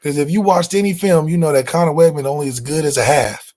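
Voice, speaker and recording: A man hosting a casual sports talk show, speaking in a fairly high voice. He is emphatic and animated, using slang as he argues his points. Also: quick pace. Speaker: sports podcast host.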